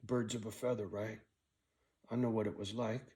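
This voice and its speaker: A man's voice: lowish voice, little pitch movement, moderate pace. Blunt, swearing man telling a story. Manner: blunt, heavy swearing, frequent "right?" tag; angry when telling the story, quiet and weary when reflecting. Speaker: vlogger telling a personal story. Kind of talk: casual storytelling monologue.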